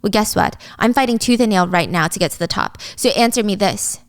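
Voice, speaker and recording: A woman's voice: medium pitch, animated, brisk, no room sound, close to an everyday voice. A woman voicing a fierce young businesswoman who speaks coldly and threateningly. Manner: cold, threatening.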